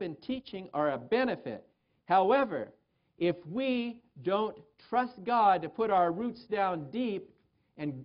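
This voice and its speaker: A man's voice: high voice, highs cut off. A man preaching a sermon to his church, acting out prayers in a small whiny voice. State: pain in both feet. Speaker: pastor.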